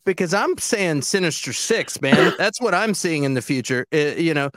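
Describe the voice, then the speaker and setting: A man co-hosts a casual film podcast with a fairly high voice for a man. He speaks haltingly, trailing off and restarting often. The sound is dry and close-miked. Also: expressive, a bit bright, dry recording. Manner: hesitant, full of fillers and restarts. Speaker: podcast co-host. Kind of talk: casual movie chat.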